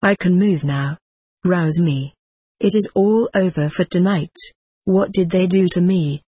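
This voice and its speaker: A reader voicing the quoted words of a tired woman in a trance, in an even, measured audiobook reading. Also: medium pitch, husky, no room sound, studio quality. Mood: weary.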